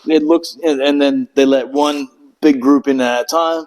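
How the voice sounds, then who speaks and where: A man's voice: mid-range voice, fairly even intonation, normal speed, darkish tone, rough recording. A middle-aged man telling a rambling, profane story in casual chat, acting out quotes in raised voices. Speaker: Marine veteran guest.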